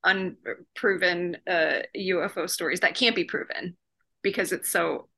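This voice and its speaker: Blunt woman with a bright, gravelly voice. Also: fairly low pitch, steady tone, a little slow. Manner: blunt, opinionated, laughs often. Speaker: podcast co-host. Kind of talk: casual chat reviewing comics.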